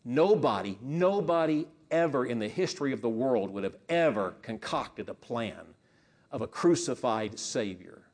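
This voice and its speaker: Male preacher, mid-pitched, emphatic sermon delivery with rhetorical questions. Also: lively intonation, normal speed. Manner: emphatic, rising and falling in loudness, rhetorical questions.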